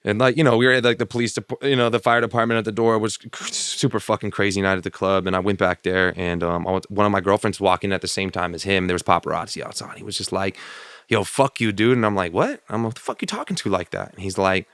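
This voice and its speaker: Fast-talking, laid-back man, crisp and dry. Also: deep voice, flat delivery, fairly bright tone, no echo. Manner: laid-back, swears freely, says "dog" and "man" a lot. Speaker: podcast guest, former nightclub promoter. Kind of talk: casual chat.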